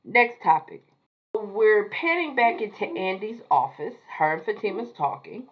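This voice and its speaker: A woman's voice: mid-range voice, animated, a little slow, lo-fi sound. A woman giving a chatty, sassy, slang-filled casual recap of a TV episode. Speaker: show recapper.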